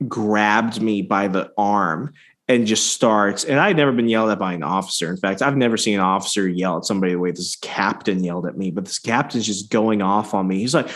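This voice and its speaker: A man's voice: lowish voice, moderate pace, a bit bright. A man hosting a podcast, telling stories in a loose, profane, casual chat with many restarts. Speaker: podcast host.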